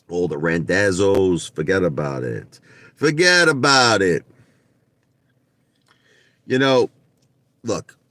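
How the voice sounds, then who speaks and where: A man's voice: sits low, dry recording. A man hosting a casual livestream about stocks, brash and profane, repeating himself, recorded at home. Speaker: livestream host on stock trading.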